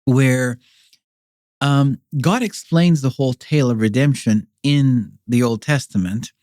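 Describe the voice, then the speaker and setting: Mellow-voiced man rambling in a chat. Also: mid-range voice, a little slow, no echo, clean studio sound. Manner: rambling, with many fillers and repeated restarts. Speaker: podcast guest. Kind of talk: casual explanatory conversation.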